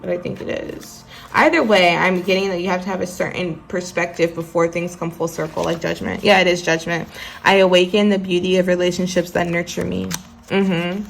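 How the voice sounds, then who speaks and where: A woman with a lowish voice and a gravelly edge gives a casual tarot reading. She talks chattily to her viewers and slips between reading from the guidebook and offering her own asides. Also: flat delivery, a little fast, soft background music. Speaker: tarot card reader.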